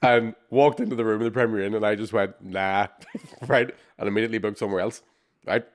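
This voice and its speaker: A man co-hosting a podcast, telling animated, sweary anecdotes with acted-out quotes. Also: lowish voice, fairly quick. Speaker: podcast co-host. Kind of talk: casual storytelling chat.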